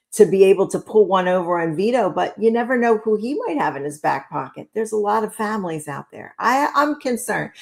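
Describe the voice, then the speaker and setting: A woman's voice: mid-range voice, vocal fry. A woman co-hosting a casual wrestling review chat, chatty and sarcastic, often laughing. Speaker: podcast co-host.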